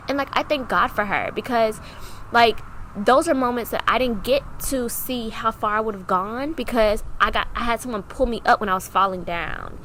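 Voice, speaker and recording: A woman's voice: on the high side, moderate pace, a little hiss or hum, low-quality recording. A woman in her twenties, a podcast co-host, telling a candid personal story and acting out remembered dialogue. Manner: animated, acts out remembered dialogue.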